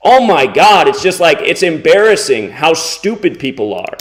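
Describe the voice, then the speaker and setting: A man in his thirties delivering an angry reaction commentary, contemptuous and insulting, swearing heavily and slowing down to mock. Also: fairly high pitch, very animated. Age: 30s. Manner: sarcastic, slows down to mock. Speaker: online video host.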